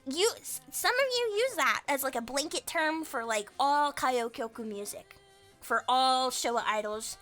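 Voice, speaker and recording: A woman streamer chatting casually with a guest, excitable, swearing freely and laughing often. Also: high-pitched, normal speed, soft background music. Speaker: streamer host.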